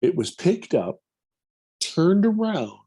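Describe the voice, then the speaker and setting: A man, a film producer, telling a personal story in an interview, animated and acting out his own quotes. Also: high-pitched, takes it slowly, husky.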